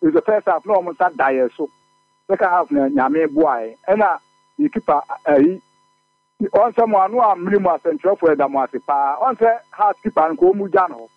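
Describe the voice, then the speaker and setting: A man's voice: high voice, big pitch swings, normal speed, creaky, no echo, soft background music. A man with a Ghanaian accent calling a sports radio show, giving opinionated match analysis over a dry, tinny phone line. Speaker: caller.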